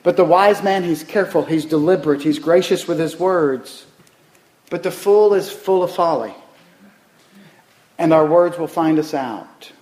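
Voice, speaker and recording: Folksy high-voiced male preacher. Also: a little slow, darkish tone, echoey room, rough recording. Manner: folksy storytelling, rhetorical questions. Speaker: pastor. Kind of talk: sermon.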